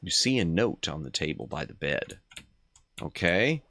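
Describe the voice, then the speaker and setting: A man's voice: low-pitched, big pitch swings, unhurried, gravelly, sharp tone. A man streaming a retro adventure game, thinking aloud in casual commentary and reading the game text aloud.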